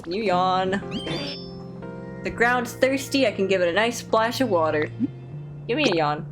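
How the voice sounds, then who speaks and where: Woman streamer, sleep-deprived, slow unhurried chatter, playful laughs, game music behind. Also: mid-range voice, low-quality recording. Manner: playful, rambling, quick to laugh and exclaim. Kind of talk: casual gameplay commentary.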